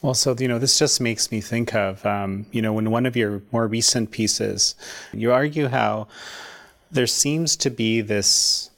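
A man's voice: mid-range voice, unhurried, vocal fry, a bit bright. A man interviewing a guest, asking a loose, searching question with casual fillers.

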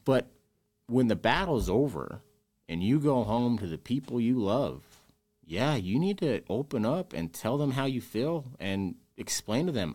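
A man's voice: medium pitch, big pitch swings, moderate pace, darkish tone. A man as a podcast guest, talking earnestly and emotionally about loss and carrying on. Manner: earnest, emotional, speaks openly about grief. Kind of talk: candid interview conversation.

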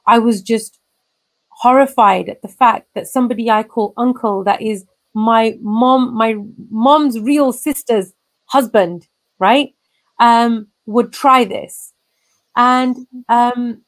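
A woman's voice: fairly high pitch, slow pace. A woman speaking candidly and emphatically in conversation, slipping into Punjabi phrases as she recounts her experiences. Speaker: guest sharing personal story.

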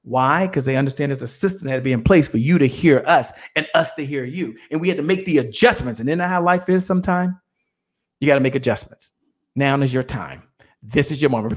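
A man's voice: medium pitch, lively intonation, brisk. A man giving a fired-up motivational talk on a podcast, preaching with chants and call-and-response. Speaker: guest speaker. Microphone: remote call.

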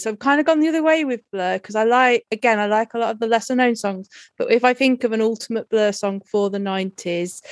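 A woman's voice: mid-range voice, dry recording, clean studio sound. A woman co-hosting a casual podcast chat, giggly and happy to swear for a laugh. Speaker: podcast co-host.

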